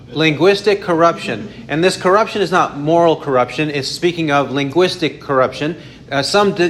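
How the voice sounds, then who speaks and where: A man teaching a Bible study, explaining in a measured way with frequent restarts and self-corrections. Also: a little high, a bit bright, a little hiss or hum.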